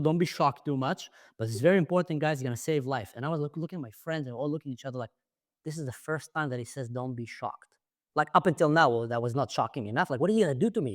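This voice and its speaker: A young adult man hosting a podcast, telling a story with animation and acting out scenes in casual conversation. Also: a little high. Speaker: podcast host.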